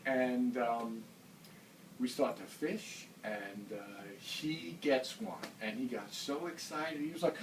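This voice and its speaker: Animated laughing man telling a story. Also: mid-range voice, moderate pace, slight background noise. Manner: animated, laughing, acts out shouted quotes. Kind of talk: casual anecdote. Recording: roomy, from far off, faint ambience.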